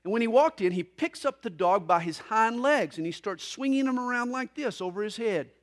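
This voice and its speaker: Pastor, man in his fifties, higher voice than most men, folksy Bible study preacher who drops in jokes. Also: animated, a little fast. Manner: mixes jokes into earnest preaching.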